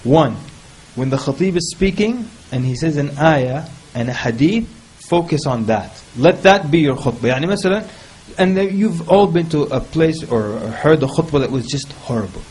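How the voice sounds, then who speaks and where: A man speaking on a panel, giving advice in a lively, humorous way and mimicking people in quick quoted asides. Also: fairly high pitch, slightly rough, poor audio. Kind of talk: casual panel talk.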